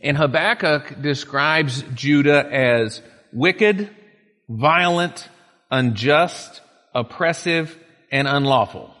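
Guy preaching a sermon, kinda high voice, chatty folksy asides, big echoey room. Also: slow, sharp tone. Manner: conversational preaching, reads scripture with folksy asides. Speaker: pastor.

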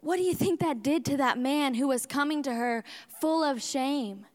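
Bright, animated young woman in a reverberant hall. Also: high-pitched, moderate pace. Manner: animated, re-enacts her own outbursts loudly. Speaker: speaker at a church service. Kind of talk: sermon testimony.

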